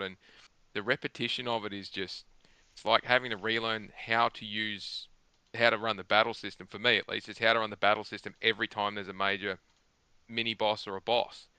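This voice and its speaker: Man, low pitch, crisp and forceful tone, dry close sound, rambling casual chat. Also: flat delivery, a little fast, no echo. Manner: rambling, emphatic, with frequent restarts. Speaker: guest on a gaming podcast.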